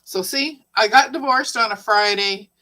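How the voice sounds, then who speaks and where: A woman's voice: a little high, moderate pace, sharp tone, poor audio. A woman hosting a casual live stream, chatting and telling a personal story, laughing often. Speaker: livestream host.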